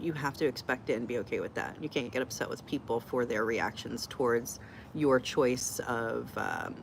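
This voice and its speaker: A woman's voice: rumbling low, slight background noise. Chatty, blunt woman on a live stream. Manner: chatty, blunt and joking, reacting to comments. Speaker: livestream host answering chat. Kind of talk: casual live Q&A chat.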